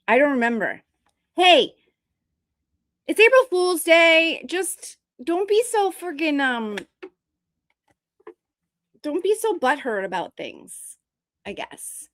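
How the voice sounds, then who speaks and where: A woman's voice: high voice, sing-song, slow, pauses often, a bit bright, no echo. A woman hosting a live stream, chatting casually with viewers in a rambling, joking and bluntly profane way. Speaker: streamer host.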